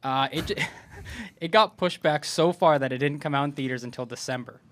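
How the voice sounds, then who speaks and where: Man, podcast co-host, casual movie review, bright tone. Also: on the high side, normal speed.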